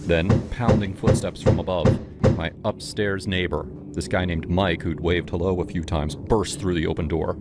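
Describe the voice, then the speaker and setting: A man's voice: low voice, fairly even intonation, normal speed, noisy background. A man reading a scripted first-person horror story in a dramatic, tense way.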